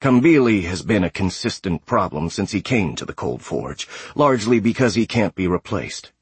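A man narrating a sci-fi audiobook in a steady, measured way. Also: lowish voice, slightly rough, dry recording. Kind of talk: scripted narration.

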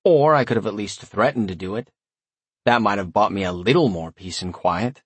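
A man narrating a first-person story in a wry, sardonic tone, with a husky voice. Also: fairly low pitch, normal speed, no echo. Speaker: audiobook narrator.

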